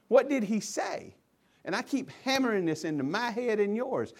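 A man preaching a sermon as pastor, impassioned and swinging between loud emphasis and hushed asides. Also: sits high, animated, normal speed.

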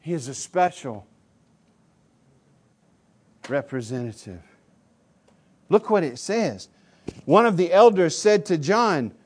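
Slow, high-voiced preaching man. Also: big pitch swings. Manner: emphatic preaching, swinging between loud declarations and low quiet asides. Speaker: pastor. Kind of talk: sermon.

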